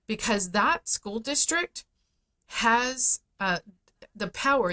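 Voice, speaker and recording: A woman's voice: mid-range voice, a bit bright. A middle-aged woman speaking as a guest on a podcast interview, talking in an emphatic, persuasive way and leaning on key words. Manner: emphatic, persuasive, speeds up and slows for stress. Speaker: guest, founder of a parents' advocacy group.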